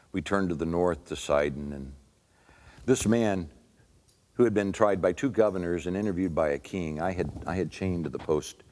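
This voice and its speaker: A man's voice: low voice, a little mellow. A man performing a dramatic first-person monologue as a remorseful Roman centurion, telling his story earnestly and solemnly.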